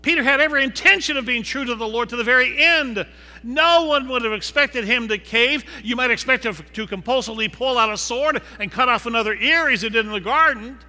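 High, sharp-voiced preacher in a reverberant hall. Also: male voice, brisk. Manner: dramatic, swings between loud emphasis and hushed low passages. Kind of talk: sermon retelling a scripture story. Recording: long reverb with faint music behind.

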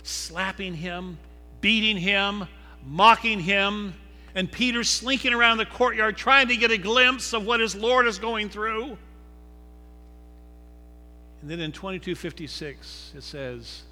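High, sharp-voiced preacher in a reverberant hall. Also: male voice, unhurried. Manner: dramatic, swings between loud emphasis and hushed low passages. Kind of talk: sermon retelling a scripture story. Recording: long reverb with faint music behind.

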